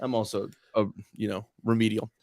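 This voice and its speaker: A man's voice: lowish voice, flat delivery, fairly quick, a little mellow, no echo, clean studio sound. A man co-hosting a podcast in loose, rambling chat, swearing freely and leaning on fillers. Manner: profane, rambling, many fillers. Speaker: podcast co-host.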